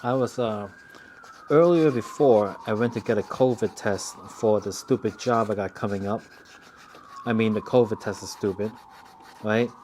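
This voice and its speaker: While faint sanding and rubbing sound in the background, a man working on a watch hobby project mutters about the job and rambles through jokes and stories. He speaks at normal speed in a lowish, darkish voice, with a little hiss or hum on the recording.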